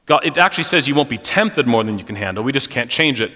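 A man's voice: medium pitch, lively intonation, fast talker, sharp tone. A middle-aged man giving a candid, conversational church talk, speaking frankly and personally to the congregation. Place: church sanctuary. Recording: long hall reverb.

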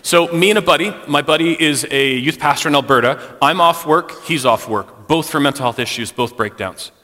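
A man preaches to a congregation in a loose, conversational way, often poking fun at himself as he tells stories. His voice is bright and clear. A long hall reverb trails each phrase. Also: on the high side, normal speed. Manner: conversational, self-deprecating storytelling. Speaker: speaker addressing a congregation. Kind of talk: sermon with personal stories.

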